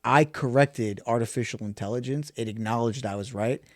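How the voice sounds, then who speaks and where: A man's voice: mid-range voice, fairly quick. A man co-hosting a podcast, telling stories in casual chat and asking "you know what I mean". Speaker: podcast co-host.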